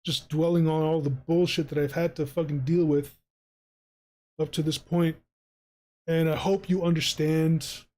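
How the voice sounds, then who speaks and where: A man streaming while he draws, ranting heatedly with heavy swearing and a mock campaign pitch. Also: flat delivery, measured pace, long pauses, dark tone. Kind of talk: angry profane rant while drawing on stream.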